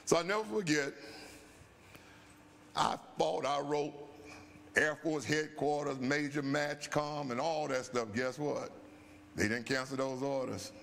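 An older man, a bishop, tells an animated story with a rough, gravelly edge and a somewhat high pitch. His talk is folksy and loose, full of asides. Long church-hall reverb trails after him. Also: a little slow, pauses often, slight background noise. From USA. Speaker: bishop teaching Bible study. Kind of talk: storytelling sermon. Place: church sanctuary.

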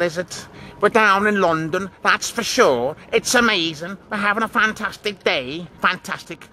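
A man's voice: high voice, bright, forceful tone, a little hiss or hum. A man hosting a casual vlog outdoors in a park, with a theatrical, sing-song delivery. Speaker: vlogger host.

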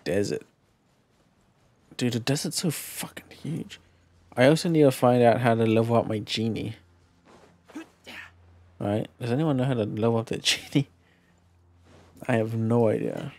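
A man streaming a video game live, chatting casually, excitable and profane, with playful shouted exclamations. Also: mid-range voice, normal speed, creaky, pauses often. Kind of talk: casual live gameplay commentary. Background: faint game music.

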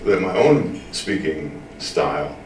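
In a casual interview, an older voice actor from the American Midwest spins stories, drawling and slow to get to the point, with firm emphasis. His low voice sounds animated, the background is noisy, and the distant mic catches a roomy room.

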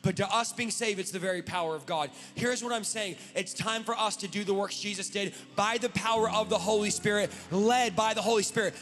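A man preaching a sermon from the pulpit in a church, fervent and often shouting. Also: high voice. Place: church sanctuary. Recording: long hall reverb.

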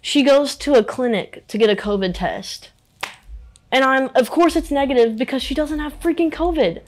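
A young adult woman in a candid interview, talking in a halting, emotional way and using "like" a lot. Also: sits high, darkish tone. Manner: halting and emotional, many filler "like"s.

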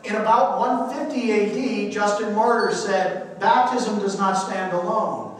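In an echoey church hall with a distant mic, a male priest leads an adult-education lecture, reading quotes aloud and putting questions to the class. He speaks unhurriedly in a high voice with fairly even intonation.

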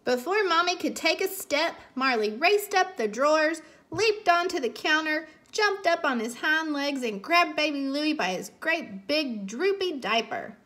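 A woman reads a children's picture book aloud, taking her time with every line. Her voice sits high and bright, and she leans into the story expressively. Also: animated, a little slow, hardly any pauses. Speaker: read-aloud narrator.

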